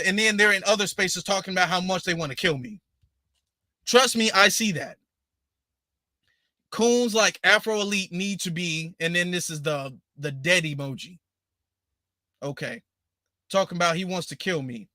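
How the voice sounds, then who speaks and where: A man hosting a casual livestream. He has a high, bright voice and talks in an emphatic, indignant way, hammering the same points again and again. The sound is dry and close. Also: moderate pace, dry recording. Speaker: livestream host.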